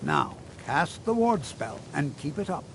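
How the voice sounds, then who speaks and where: An actor playing a patient, kindly old male wizard teacher who lectures gently and a little fussily. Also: fairly high pitch, huge pitch swings, unhurried, noisy background, full character voice. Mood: lecturing. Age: older. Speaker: magic instructor. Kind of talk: video game voice acting.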